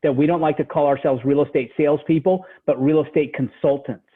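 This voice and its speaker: A man giving a motivational real estate training talk over a call, animated and tacking "right?" onto his points. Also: fairly high pitch, fairly quick, slightly rough. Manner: animated, repeats "right?" after each point. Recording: tinny phone-line audio.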